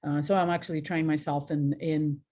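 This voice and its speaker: A woman in her forties from Russia with a Russian accent, telling frank personal stories as a guest, animated and laughing at herself. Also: deep voice, fairly quick. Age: 40s. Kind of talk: candid personal storytelling.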